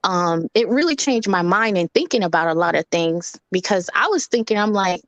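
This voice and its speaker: Animated woman from Jamaica telling stories. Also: medium pitch, normal speed, no room sound. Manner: animated storyteller who acts out quotes. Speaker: panelist. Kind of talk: casual panel discussion.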